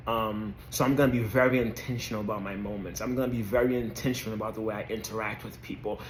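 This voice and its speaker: A man's voice: lowish voice, fairly even intonation, quick pace, echoey room, a little hiss or hum. A man hosting a casual devotional talk, hesitant and dotted with "um" and "right?". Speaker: faith video host.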